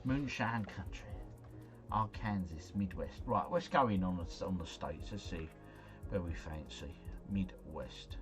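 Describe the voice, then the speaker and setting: Streaming a game live, a male gaming livestreamer with a fairly low voice gives running commentary, chatty and excitable, often turning to address his viewers. He talks a little slowly, and faint music plays underneath.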